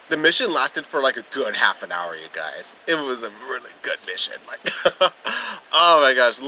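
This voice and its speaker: A man's voice: mid-range voice, pushed and bright, a little hiss or hum, poor audio. Bubbly young man hosting a livestream. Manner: bubbly, laughs often, gushing. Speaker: livestream host. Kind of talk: casual livestream chat.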